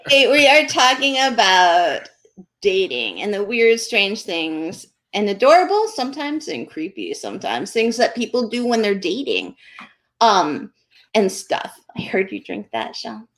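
A woman's voice: mid-range voice, sing-song, unhurried, fairly bright tone. A woman co-hosting a live podcast in casual chat, giggly and chatty, drifting off topic. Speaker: podcast co-host.

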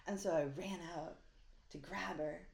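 A woman co-hosting a podcast in casual chat, telling a story with lively quoted voices. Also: fairly low pitch, a little slow, vocal fry. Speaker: podcast co-host. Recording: echoey room.

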